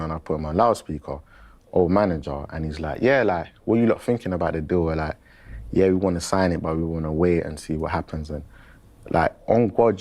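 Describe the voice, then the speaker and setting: A man in a casual podcast chat, telling a story in an animated, dramatic way. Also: sits low.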